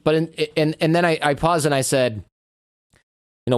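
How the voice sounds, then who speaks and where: A man's voice: medium pitch, fairly quick, clear, resonant tone, no room sound, studio quality. A man, a guest on a podcast, telling stories in casual conversation and acting out the lines of people he quotes. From United States. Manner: animated storyteller who acts out quoted lines.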